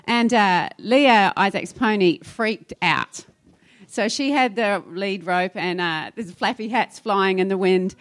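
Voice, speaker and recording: A woman pastor speaking to a church, telling a story in a lively, animated way with acted-out quotes. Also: mid-range voice, slow.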